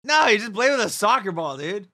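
A man hosting a reaction video, talking in an animated, slangy way and often laughing and exclaiming. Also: sits high, a little fast. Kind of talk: casual reaction commentary.

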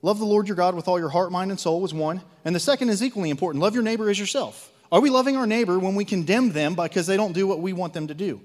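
A man with a Midwestern American accent preaching a sermon, swinging between loud zealous outbursts and hushed asides, full of rhetorical questions and repetition. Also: high voice, fast, few pauses, in a large hall. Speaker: lay preacher. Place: church sanctuary.

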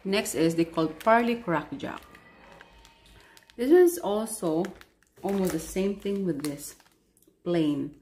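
Slow, low-voiced woman tasting snacks. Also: expressive, darkish tone, faint music behind. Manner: chatty, unhurried, tasting snacks between remarks. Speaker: vlogger. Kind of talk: casual food-tasting vlog.

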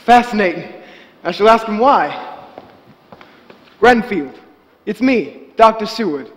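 A proper, curious asylum doctor, played by a man on stage speaks in clipped, formal sentences. His voice sits high for a man. The long reverb of a theatre hall trails behind him. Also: animated. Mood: composed. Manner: formal, measured, clipped diction. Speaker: stage actor. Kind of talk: live stage acting.

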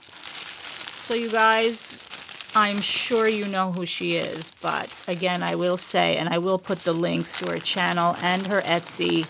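A woman talks casually to her camera at home, gushing over things in an effusive way and often letting her sentences trail off. Her pace is slow and unhurried, and a gravelly fry runs through her voice. A faint hiss of noise sits behind her. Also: mid-range voice. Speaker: craft vlogger unboxing gifts.

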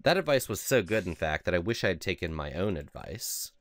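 A man giving casual, excitable let's play commentary over a survival game, yelping and laughing as things go wrong. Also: deep voice, a little fast, no echo. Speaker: gaming video host.

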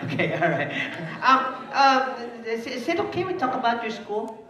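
A very high, sing-song male voice at a moderate pace belongs to a party entertainer bantering with a child volunteer, playful and teasing with lots of laughter. He's acting as emcee and joking with the audience at an indoor party venue, recorded through a distant mic in an echoey hall with crowd sounds.

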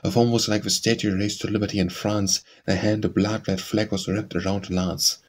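A man reciting poems for an audiobook in a steady, measured reading style. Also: fairly low pitch. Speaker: audiobook reader. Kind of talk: poetry recitation.

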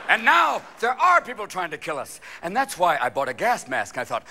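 A man performing live stand-up comedy on a theater stage, with a manic, rapid-fire delivery full of quick character voices and shouted punchlines. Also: high voice, huge pitch swings, noisy background. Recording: live stage recording with loud audience. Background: audience laughter and hall ambience.

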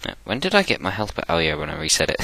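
A man's voice: fairly low pitch, huge pitch swings, brisk, gravelly, sharp tone, breathy edge, no echo. A man with an Essex accent, rambling through game commentary, joking and talking to himself in an irreverent way. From England. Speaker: gaming channel host.

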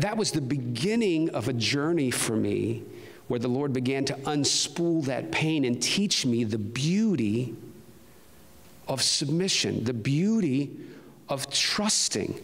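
Earnest male pastor in a reverberant sanctuary. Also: medium pitch. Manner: earnest storytelling, rising to fervent emphasis. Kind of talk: personal testimony sermon. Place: church sanctuary. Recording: long reverb of a large hall.

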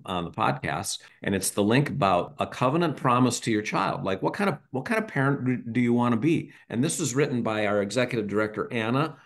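A man on a parenting podcast, talking casually and animatedly, acting out bits of dialogue as he explains. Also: medium pitch. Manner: animated storyteller, acts out dialogue.

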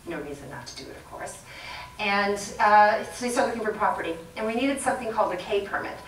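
A middle-aged woman giving a leadership talk to an audience, chatty and quick to laugh. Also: medium pitch, lively intonation. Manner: chatty, laughs often, plays with the crowd. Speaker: guest speaker. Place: lecture room with audience. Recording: roomy sound from a distant mic, faint background noise.

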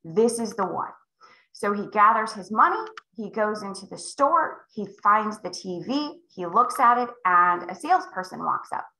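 A woman's voice: mid-range voice, moderate pace, echoey room, poor audio. A woman in her forties coaching real estate agents in a live online session, acting out little scenes as she teaches. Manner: animated storytelling, acting out dialogue in shifting voices. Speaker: real estate sales trainer.

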